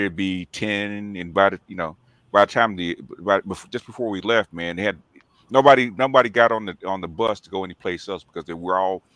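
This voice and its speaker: A man's voice: sits low, fairly bright tone, dry recording. A man telling a rambling, laughing story in a casual group chat, repeating words as he goes. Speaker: panelist.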